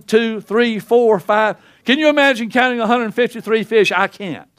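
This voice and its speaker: An older man preaching a sermon in a folksy, storytelling way, acting out the quotes he tells with wide swings in pitch and loudness. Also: normal speed.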